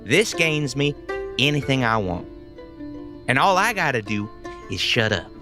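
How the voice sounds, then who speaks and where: A man's voice: mid-range voice, very animated, unhurried, over music. A man voicing a hard-bitten young woman, a smoking gangster's moll who talks tough and calls people kid. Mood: cool.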